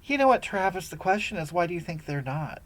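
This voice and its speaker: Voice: medium pitch, very animated, brisk, close to an everyday voice. A performer voicing a sanctimonious, self-righteous woman who hosts a livestream and lectures her viewers, sighing heavily between scoldings. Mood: indignant. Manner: preachy, lecturing, scolding, with heavy sighs. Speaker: livestream host answering viewer comments. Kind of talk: satirical character livestream.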